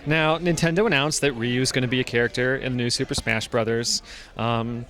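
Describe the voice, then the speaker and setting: A man asks a guest questions at a convention. His voice sits in a middle pitch, and he moves from one upbeat question to the next. He leans on short fillers as he goes. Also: fairly even intonation, brisk, a bit bright. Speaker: interviewer. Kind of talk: convention interview.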